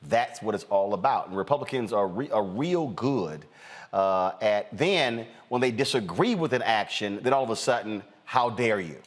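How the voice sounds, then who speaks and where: A man hosting a political talk show, emphatic and animated, with an American accent, often repeating words for punch. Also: lowish voice, normal speed. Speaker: host. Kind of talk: opinionated political commentary.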